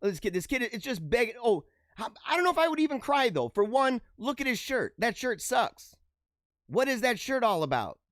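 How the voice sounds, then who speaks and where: A man's voice: extremely high pitch, very animated, fairly quick, a bit bright, no echo, studio quality. A middle-aged man hosting a show, giving rambling, joking commentary on the news and laughing often. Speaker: show host.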